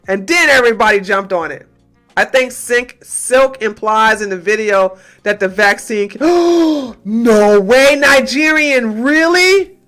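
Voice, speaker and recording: A woman from the US, hosting a casual livestream and talking emphatically to her chat. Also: fairly high pitch. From Georgia, USA. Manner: animated, emphatic, talks to chat, swings between loud outbursts and muttering. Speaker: livestream host.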